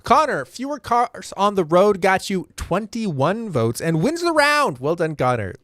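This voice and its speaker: A man's voice: high voice, big pitch swings, unhurried, a bit bright, dry recording, clean studio sound. A man hosting a comedy game show, reading out contestant answers and vote counts in a playful, self-deprecating way.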